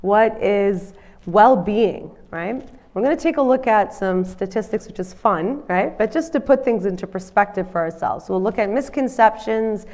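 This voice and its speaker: A woman counsellor speaks to a live audience, her voice nasal from a cold. She keeps a friendly, conversational tone and often checks in with the listeners. Her pitch sits in a medium range. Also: animated, moderate pace, darkish tone. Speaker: counsellor giving a community presentation. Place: community centre in front of an audience.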